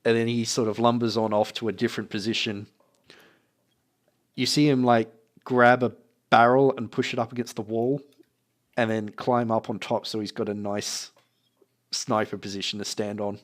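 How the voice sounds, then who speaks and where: A man running a tabletop game as game master, narrating in a relaxed, meandering way. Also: mid-range voice, normal speed, pauses often.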